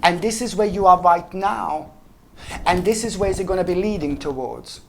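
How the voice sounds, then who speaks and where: A woman's voice: fairly low pitch, moderate pace, vocal fry, slight background noise. A woman giving a casual tarot reading to viewers, chatty and emphatic, with enthusiastic, playful asides. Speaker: tarot reader.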